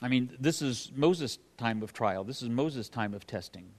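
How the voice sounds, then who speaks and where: A man's voice: mid-range voice, animated, normal speed, darkish tone. A man teaching from the Bible in a folksy, conversational sermon, reading scripture and then commenting on it with frequent fillers and restarts. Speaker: pastor.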